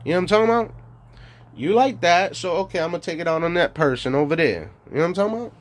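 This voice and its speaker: A man streams a rambling monologue, profane and boastful. He laughs often between his lines. His voice sits a little high for a man. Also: expressive, rapid-fire. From New York.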